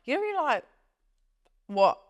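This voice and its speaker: A woman's voice: high voice, sing-song, normal speed. A woman co-hosting a podcast, telling a story in casual chat and acting out the people she quotes. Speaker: podcast co-host.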